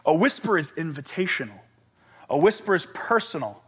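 Male pastor, 30s, high and bright voice, expressive sermon delivery. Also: moderate pace, breathy edge. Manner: expressive, drops to whispers and shouts for emphasis.

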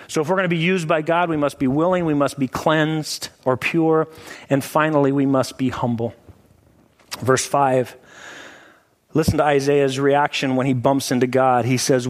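A man's voice: fairly high pitch, steady tone, normal speed. A middle-aged male pastor preaching a sermon in a conversational way, often saying "like" and "right?" to his listeners.

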